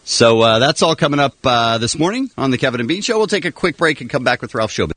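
Brief: man, morning radio host, playful banter, animated pitch, close dry mic. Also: fast talker, few pauses, no echo. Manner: joking, teasing, laughs easily. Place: radio studio.

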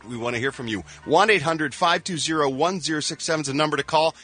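A man hosting a radio show, joking around with deadpan mock-solemn asides. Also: on the high side, quick pace, husky, soft background music. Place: radio studio.

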